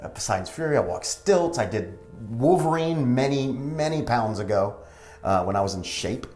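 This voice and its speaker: A man's voice: mid-range voice, lively intonation, moderate pace, a little mellow, echoey room, faint music behind. A man in his forties, a comedian and actor, telling stories in a casual, wisecracking way in an interview. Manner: wisecracking, acts out quoted people.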